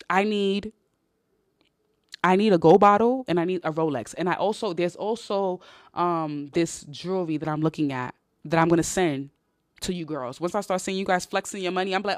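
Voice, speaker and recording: A woman's voice: lowish voice, lively intonation, fairly quick, no room sound. Nigerian woman coaching on a livestream, blunt and sweary, repeats herself, dry close sound. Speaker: online business coach. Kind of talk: casual livestream pep talk.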